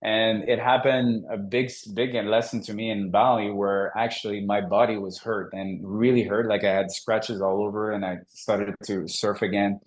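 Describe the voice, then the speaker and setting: Lowish-voiced man telling a story. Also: normal speed, few pauses. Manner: animated, acts out quoted dialogue. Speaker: guest, executive coach. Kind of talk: conversational interview storytelling.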